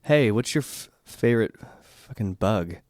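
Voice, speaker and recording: A man with a very low voice co-hosts a casual podcast, tossing out deadpan jokes and absurd asides. His voice sits close to the mic in a dry, dead-sounding space. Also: a little slow, dry recording. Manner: joking, deadpan asides with laughter. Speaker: podcast co-host. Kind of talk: casual chat.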